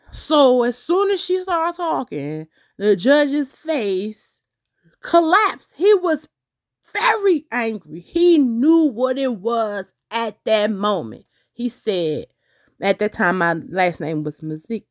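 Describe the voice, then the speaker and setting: Animated woman telling a story. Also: a little high, a little slow. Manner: animated, talks straight to listeners. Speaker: podcast host. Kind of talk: casual storytelling.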